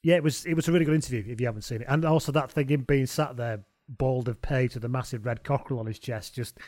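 A man's voice: mid-range voice, fast, darkish tone, no echo, studio quality. A man chatting about rugby, telling stories in an amused way on a casual podcast. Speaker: rugby pundit. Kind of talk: casual sports podcast chat.

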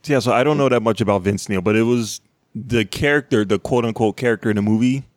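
A man co-hosting a podcast in casual chat, enthusiastic and animated, swearing freely. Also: medium pitch, quick pace, dry recording, clean studio sound. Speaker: podcast co-host.

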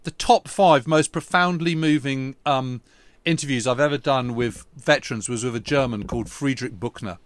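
A man, a historian and podcast co-host, telling a long, earnest anecdote in relaxed conversation. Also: medium pitch, normal speed, no echo. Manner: earnest, emphatic storyteller.

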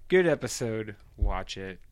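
A man co-hosting a casual TV recap podcast, measured and reasonable, explaining the other side calmly. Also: fairly low pitch, no echo. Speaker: podcast co-host.

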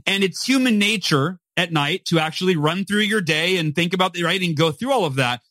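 A man's voice: high-pitched, expressive, fairly quick, sharp tone, no room sound. A man in his forties, a guest author on a podcast, explaining emphatically and often ending points with "right?". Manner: emphatic, repetitive "right?" tag questions. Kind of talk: podcast interview, motivational explaining.

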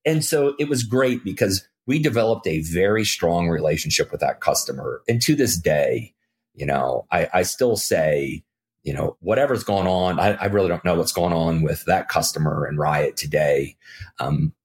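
A middle-aged man, a podcast guest, telling a story in casual talk and acting out the quoted lines with jumps in pitch. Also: normal speed. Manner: animated, acts out quoted dialogue with jumps in pitch.

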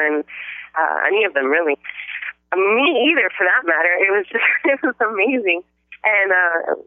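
A woman on a phone line telling a personal testimony in an animated storytelling way. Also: fairly low pitch, no room sound. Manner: animated, acts out quotes in a raised voice.

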